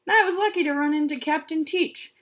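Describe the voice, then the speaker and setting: Woman reading booming scruffy camp boss, loud, menacing man, high-voiced read-aloud. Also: a little fast. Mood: gruff. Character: booming, sinister scruffy male camp owner.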